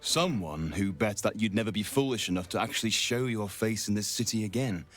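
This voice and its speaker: Male actor as cold game cultist, low, measured sneer. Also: a bit bright, faint music behind, natural voice. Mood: mocking.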